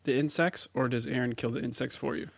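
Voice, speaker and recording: Male podcast co-host, mid pitch, dry close sound, reads headlines with an easy laugh. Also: steady tone, fast talker, vocal fry, no echo. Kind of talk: casual podcast chat.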